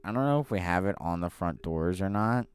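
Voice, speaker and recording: A young man hosting a podcast, telling a story in casual, animated talk with some swearing. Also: deep voice, fairly quick, smooth. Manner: animated, swearing, frequent restarts. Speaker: podcast host.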